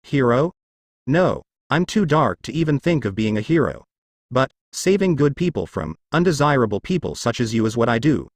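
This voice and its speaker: A man voicing a brooding, protective teenage boy with a blunt, even delivery. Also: medium pitch, moderate pace, no room sound, studio quality. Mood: menacing.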